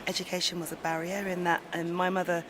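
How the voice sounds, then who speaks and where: A woman's voice: lowish voice, flat delivery, quick pace, crowd noise. A woman giving earnest interview answers who often restarts her words, recorded in a large indoor lobby with people talking in the background. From England. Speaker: interview guest. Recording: noisy public lobby.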